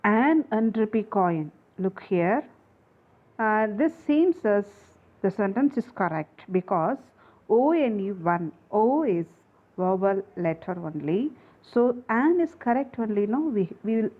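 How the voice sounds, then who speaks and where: A woman English teacher explaining grammar at a board, slowly repeating and spelling out letters. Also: a little high. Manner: slow, repetitive, spelling out letters. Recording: tinny phone-like sound.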